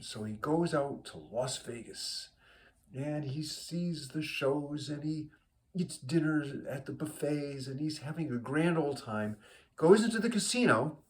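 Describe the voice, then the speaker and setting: An easygoing man tells a long shaggy-dog joke at an unhurried pace. His delivery is loose and rambling, with plenty of fillers and restarts. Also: on the high side. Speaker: joke teller. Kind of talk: told joke, casual storytelling.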